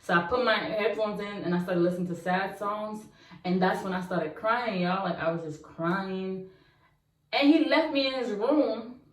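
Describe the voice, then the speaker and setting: A young woman vlogger telling a personal story to her viewers in a casual, slangy, animated way. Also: mid-range voice, moderate pace. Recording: roomy echo, mic at a distance.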